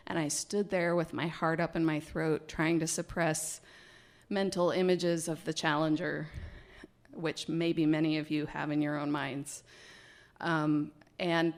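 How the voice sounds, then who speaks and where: A woman biologist telling a personal story live on stage, animated and laughing, with hesitations and fillers. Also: low-pitched.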